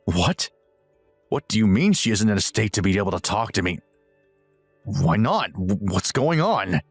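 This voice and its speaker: A man's voice: fairly low pitch, big pitch swings, a little slow, slightly rough, dry recording, soft background music, heavily acted. A man voicing a smug, self-righteous young husband who lectures and sneers in a dramatized text-message story. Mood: alarmed.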